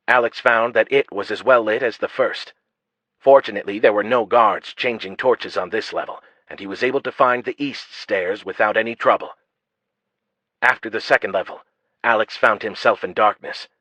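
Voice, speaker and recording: Low-voiced male audiobook narrator. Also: dry recording. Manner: steady, even storytelling. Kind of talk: scripted narration. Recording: dull lo-fi dry audio.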